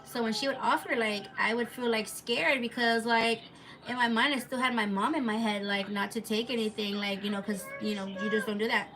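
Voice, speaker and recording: A woman vlogger with a voice on the high side speaks briskly in a steady tone, live-streaming from home on her phone. She tells viewers a personal story in a rambling, casual way, full of fillers and restarts. The home recording is noisy.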